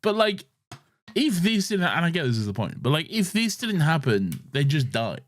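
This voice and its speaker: A man co-hosts a podcast in casual chat, grumbling and arguing his point. His voice rises and falls with lively pitch, and his sentences stall on fillers and restarts. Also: normal speed. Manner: argumentative, grumbling, many fillers. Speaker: podcast co-host.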